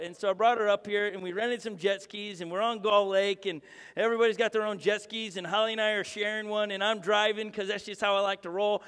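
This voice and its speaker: Man, pastor, high voice, animated joking storyteller, echoing church hall. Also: a little fast, clear, resonant tone. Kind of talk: sermon storytelling. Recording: long hall reverb.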